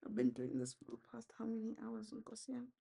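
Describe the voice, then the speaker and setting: A woman's voice: on the high side, big pitch swings, a little fast, gravelly, dark tone, slightly rough. A young woman, chatting candidly and with strong opinions over a phone video call while braiding her hair. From South Africa. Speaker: vlogger. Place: at home, with ducks nearby. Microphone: phone on a video call with noise cancelling.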